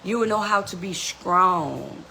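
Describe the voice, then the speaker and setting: A woman's voice: fairly low pitch, lively intonation, slow pace, creaky, sharp tone, faint music behind, rough recording. A woman hosting a podcast, giving an earnest, motivational self-help talk and often saying "you know". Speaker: podcast host.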